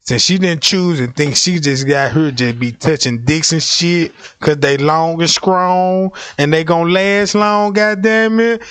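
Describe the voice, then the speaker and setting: A man's voice: on the high side, unhurried, hardly any pauses, fairly bright tone, clear, resonant tone, no room sound. A young man livestreaming, telling profane, rowdy comic stories in a casual ranting way.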